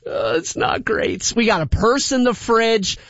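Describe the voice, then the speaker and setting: A man's voice: very high-pitched, big pitch swings, measured pace, fairly bright tone, no echo, lo-fi sound. A man hosting a call-in radio show, chatting in a rambling way and laughing often. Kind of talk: casual call-in radio chat.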